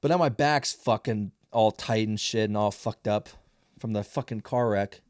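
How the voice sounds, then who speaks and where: A man's voice: on the low side, moderate pace, no room sound, studio quality. A man in his twenties, a stand-up comedian, rambling and swearing his way through a casual, self-mocking monologue. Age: 20s. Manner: rambling, profane storytelling. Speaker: stand-up comedian, podcast host.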